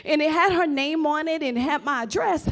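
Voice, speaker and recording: An older woman pastor preaching a sermon in a lively, emphatic call-and-response way, rising into shouts at times. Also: high-pitched, normal speed.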